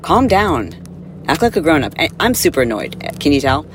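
A woman hosting a podcast, telling an animated, exasperated story in a casual monologue and acting out the people in it. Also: sits low, normal speed, a little hiss or hum. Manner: animated, exasperated, acts out quotes. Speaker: podcast host.

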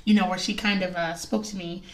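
A woman's voice: lowish voice, fairly even intonation, brisk, distant mic. A woman in her thirties telling a personal story in casual talk, chatty and emotional, with many fillers and frequent laughs.

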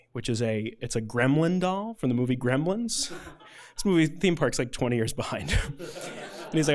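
A man's voice: mid-range voice, expressive, moderate pace. Rambling, heartfelt male storyteller. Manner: conversational, rambling, frequent "like". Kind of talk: personal story told to an audience.

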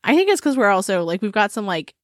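A woman's voice: medium pitch, sing-song, fast, dry recording, clean studio sound. A woman co-hosting a podcast in casual chat, joking, swearing and laughing often. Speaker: podcast co-host.

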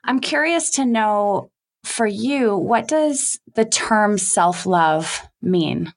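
A woman's voice: medium pitch, expressive, very slow. A woman hosting a podcast interview, encouraging and affirming as she asks questions. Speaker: podcast host.

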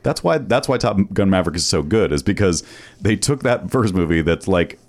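A man co-hosting a podcast in casual chat, animated and laughing often, tripping over his words when excited. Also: low voice, brisk. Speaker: podcast co-host.

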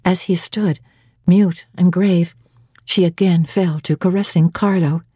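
A woman giving a measured, expressive dramatic reading of a classic novel on a close microphone. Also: fairly low pitch, husky, no echo.

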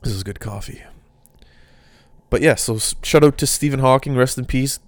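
A man's voice: mid-range voice, normal speed, no echo. A man hosting a casual solo podcast, rambling through off-the-cuff thoughts. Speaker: podcast host.

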